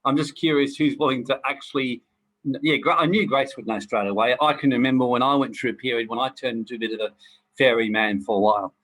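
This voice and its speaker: A man's voice: medium pitch, steady tone, quick pace, a bit bright, poor audio. A middle-aged man giving a blunt, preachy motivational talk to a group, swearing freely as he goes. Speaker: personal development speaker.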